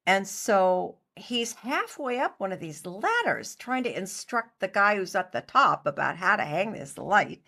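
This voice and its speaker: Animated woman telling a theatre anecdote. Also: medium pitch, a little slow, creaky, few pauses. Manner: animated anecdote teller, acts out other people's lines. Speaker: interview guest, costumer and actor. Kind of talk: storytelling in a casual interview.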